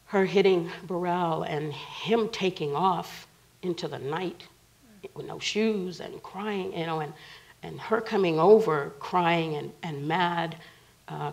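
A woman guest on a TV talk show, retelling events in a casual and vivid way. Her voice is low with a gravelly, creaky texture. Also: rough recording. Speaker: guest, bereaved mother. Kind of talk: personal storytelling in a TV interview.

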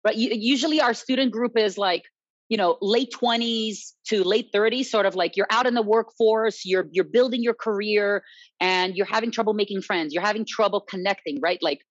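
A woman who teaches salsa, telling stories in a casual, animated chat and often checking in with "right?". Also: medium pitch, normal speed, no echo. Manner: animated, quotes others, tag questions "right?". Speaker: salsa dance instructor, guest. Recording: dull lo-fi dry recording.

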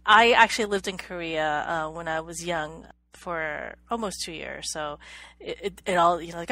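A woman's voice: fairly low pitch, moderate pace, pushed and bright, no echo. A woman co-hosting a podcast in casual chat, hesitant, often repeating words and laughing. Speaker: podcast co-host.

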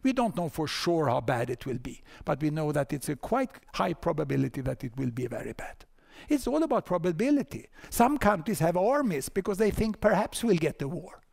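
A man in his sixties with a Swedish accent, lecturing at a conference and telling a story with lively asides and repeated words. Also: a little high, brisk, vocal fry. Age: 60s. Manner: animated storyteller, frequent "huh?" and "you know" asides, repeats words. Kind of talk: conference talk. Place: conference hall with audience.

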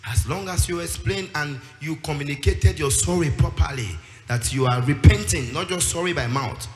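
A man's voice: a little high, normal speed. A man preaching a sermon with emphasis, acting out the voices of the people he quotes and rising into a sing-song delivery. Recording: echoey hall with music behind.

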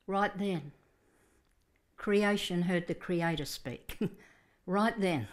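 Woman preaching a lively sermon. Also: fairly low pitch, takes it slowly. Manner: storytelling, vivid and animated, with restarts. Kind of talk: Sunday sermon.

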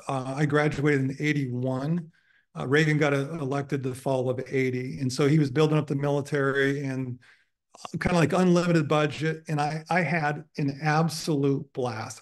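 A man in his sixties giving a guest lecture, telling long self-deprecating stories with many fillers. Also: a little high. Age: 60s. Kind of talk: anecdotal lecture storytelling. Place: university lecture room.

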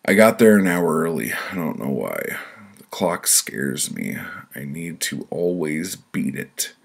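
Deep gravelly man reading his own prose. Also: a little slow. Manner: blunt, profane, deadpan storytelling. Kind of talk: audiobook reading of prose poems.

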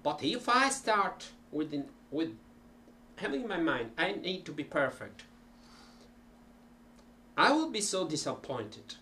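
A man teaching languages in an unhurried, hesitant way, demonstrating phrases aloud. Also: on the high side, very animated, sharp tone, a little hiss or hum. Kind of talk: informal language lesson.

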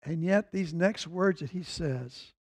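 Preaching on a Sunday, this pastor reads scripture aloud and lifts his voice with rising emphasis as he quotes each speaker. His voice sits a little high and sounds a little mellow and husky, and he takes his time.

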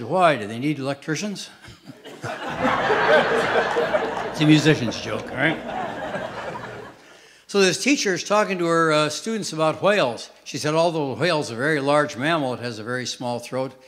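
Older man telling deadpan stand-up jokes. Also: fairly high pitch, a little hiss or hum. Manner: deadpan one-liners with quick punchlines. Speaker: stand-up comedian. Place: stage before a live audience. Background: audience laughter.

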